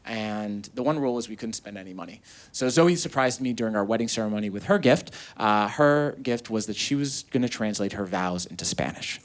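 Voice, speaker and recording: A man's voice: fairly low pitch, animated, a little fast, few pauses. Man doing a stand-up set. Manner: storytelling, quoting people in acted voices. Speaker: stand-up comedian. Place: comedy venue with a live audience.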